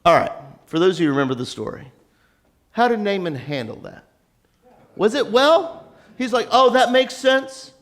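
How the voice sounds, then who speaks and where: A man with a fairly high voice delivers a sermon. His style is loose and conversational, full of jokes and asides to the congregation as he retells the story. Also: moderate pace, pauses often. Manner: animated, joking, conversational storytelling. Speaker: pastor.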